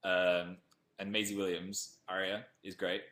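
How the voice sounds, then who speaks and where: A man's voice: sits low, flat delivery, unhurried, a bit bright, roomy sound. A young man with a Northern English accent, chatting casually on a live stream and reading viewer comments aloud. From Northern England.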